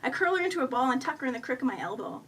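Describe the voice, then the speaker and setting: A woman in her thirties reads her own humorous first-person story aloud, wry and self-mocking. Her voice is high and bright. She sounds a little far from the mic, with faint noise underneath. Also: very animated, rapid-fire. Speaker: author reading her story. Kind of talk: live reading of first-person humorous prose.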